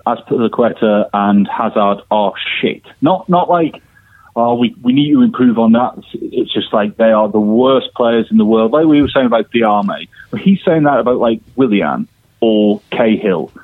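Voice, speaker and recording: A man's voice: lowish voice, lively intonation, normal speed, no room sound. A man co-hosting a casual football podcast, easygoing and laughing along. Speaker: podcast co-host. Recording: tinny phone-like line, very dry.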